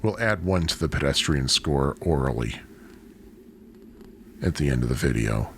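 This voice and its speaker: A man's voice: extremely low pitch, expressive, moderate pace, vocal fry. A man casually narrating while riding his bike through city streets, rambling on with chatty, self-deprecating asides, recorded on a bike-mounted camera. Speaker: cycling vlogger. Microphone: bike- or body-mounted action camera. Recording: outdoor wind and traffic noise.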